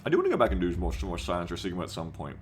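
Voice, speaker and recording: A man's voice: sits low, huge pitch swings, very fast, a little hiss or hum. A man streaming a game, talking loosely and chattily, swearing and reading out chat messages. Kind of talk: casual livestream commentary.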